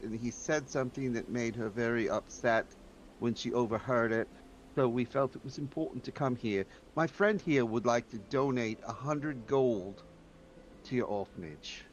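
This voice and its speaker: A man's voice: medium pitch, lively intonation, moderate pace, lo-fi sound. A man playing his character at a tabletop game, polite and formal in his phrasing. His voice sits in an ordinary middle range, and a light hum of ambience runs underneath it. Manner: formal and courteous. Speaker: player. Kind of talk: in-character tabletop role-play.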